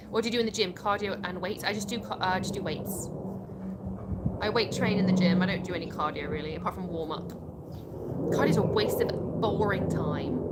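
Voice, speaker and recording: A woman's voice: medium pitch, heavy background noise. A young English woman from England hosting a casual livestream on her phone outdoors, chatting and reading viewer comments aloud with easy laughter. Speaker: livestream host.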